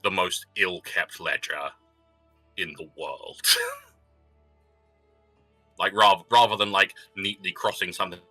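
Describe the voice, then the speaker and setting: A man playing a character in a tabletop game, excitable and often laughing. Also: sits low, slow, long pauses, no room sound, faint music behind, rough recording. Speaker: player. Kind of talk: casual tabletop play.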